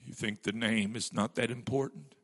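Gravelly-voiced male preacher. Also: medium pitch, steady tone, normal speed, a bit bright. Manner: emphatic, storytelling preacher. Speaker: pastor. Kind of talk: sermon.

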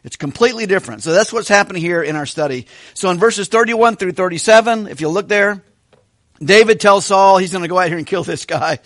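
Animated, higher-voiced male preacher. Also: a little fast, dry recording, studio quality. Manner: animated, asks questions of the congregation. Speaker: pastor. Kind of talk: sermon. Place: church hall with a kitchen.

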